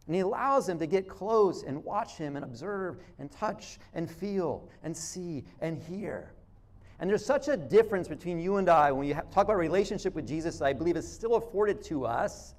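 A man preaching a sermon in a relaxed, conversational way, restarting phrases and acting out quotes. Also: high-pitched, normal speed. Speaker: pastor.

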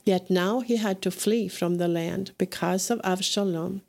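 A woman reads scripture aloud at a very unhurried pace, every phrase given its own space. Her voice sits a little low with plenty of gravelly fry at the ends of lines. The delivery is measured and deliberate, like a daily podcast reading. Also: fairly even intonation, a little mellow. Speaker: scripture reader.

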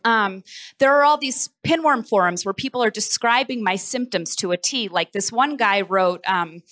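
A woman performing a comic personal story on stage, animated and self-mocking, speeding up in breathless rushes. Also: on the high side. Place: festival stage.

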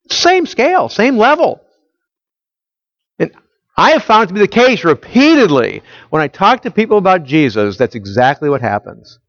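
A pastor whose voice sits on the high side gives a sermon, asking listeners questions and answering them himself. The audio is dry, dull and lo-fi.

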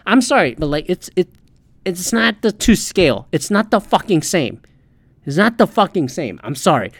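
A man's voice: high voice, very animated, moderate pace, vocal fry, no room sound. A man hosting a podcast, ranting heatedly in casual solo commentary and swearing often. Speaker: podcast host.

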